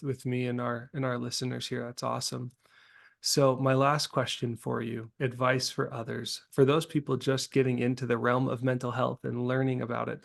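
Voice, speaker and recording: A male podcast host with a gravelly texture and a level, even delivery. He thanks his guest warmly in words and builds up his questions at length. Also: mid-range voice. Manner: gracious, thanks the guest often and asks long set-up questions.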